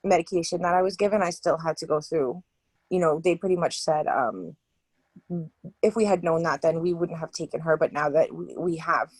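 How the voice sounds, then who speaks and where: A young woman from Massachusetts, a guest telling her story in an interview, halting and full of restarts. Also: low voice, steady tone, darkish tone, no echo, low-quality recording. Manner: halting, many fillers and restarts.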